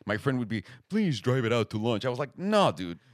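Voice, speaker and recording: A young man telling a story in casual chat, lively and swearing freely, acting out the other people's lines. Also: medium pitch, fairly quick, no echo, studio quality. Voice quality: animated storyteller, swears freely, acts out quoted voices.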